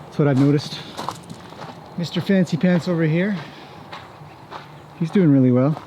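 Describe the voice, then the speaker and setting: A horse trainer with a slightly raised pitch chats as he walks round a rural farm for a casual walk-and-talk vlog, speaking easily to the camera and fondly to the animals. He's unhurried and warm. Faint outdoor noise sits behind him.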